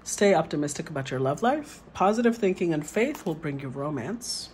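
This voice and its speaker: A woman's voice: sits low, lively intonation, moderate pace, noisy background. A woman tarot reader who reads the card meanings aloud and then muses over them in a casual way.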